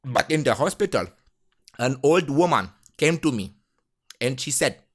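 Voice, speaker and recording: A Romanian podcast host playing a boastful man who talks in an exaggerated put-on Kenyan English accent, rambling earnestly with lots of halting fillers. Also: mid-range voice, lively intonation. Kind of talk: comedic monologue in character.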